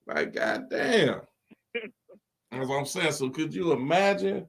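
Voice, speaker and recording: A man tells profane stories in loose comedic podcast banter and laughs often. His voice is gravelly and sits a little high, swooping widely as he builds each joke. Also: big pitch swings, takes it slowly. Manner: profane, loud laughing, storytelling. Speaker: podcast co-host.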